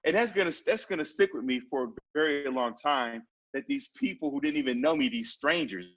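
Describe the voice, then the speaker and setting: A man talking as a podcast guest in casual chat, telling stories in a lively way and acting out what people said. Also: fairly high pitch, fairly quick, dull audio. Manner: lively storyteller who acts out quoted lines.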